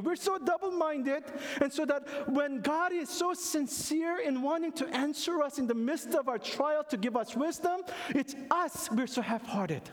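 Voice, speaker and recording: A male pastor preaching a sermon, using folksy illustrations and acted-out dialogue, often calling out "Amen?" to the congregation, dropping soft and low for prayerful lines. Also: normal speed. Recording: long hall reverb.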